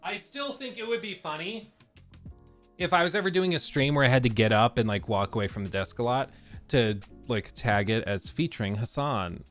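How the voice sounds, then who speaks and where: A man's voice: mid-range voice, lively intonation, normal speed, fairly bright tone, faint music behind. A man hosting a casual live stream from his basement desk, ranting sarcastically and mocking what others say in quoted voices. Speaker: livestream host.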